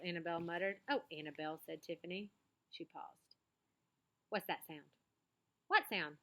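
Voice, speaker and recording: Brief: woman storybook reader, lively read-aloud, crisp bright tone. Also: on the low side, moderate pace, long pauses. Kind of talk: children's book read-aloud with picture commentary.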